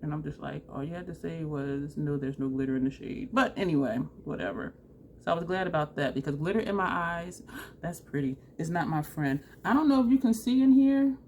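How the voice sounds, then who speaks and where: Chatty woman, low-ish voice. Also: lively intonation, a little fast, a little mellow, muffled recording, a little hiss or hum. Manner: chatty and self-deprecating, laughs often. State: runny nose. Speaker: makeup vlogger. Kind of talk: casual makeup tutorial chat.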